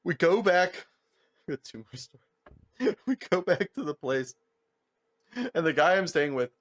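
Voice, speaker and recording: Animated, profane young male storyteller. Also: a little high, unhurried. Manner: animated, profane, filler-heavy, acts out other people's voices. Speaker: podcast co-host. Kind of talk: casual storytelling chat.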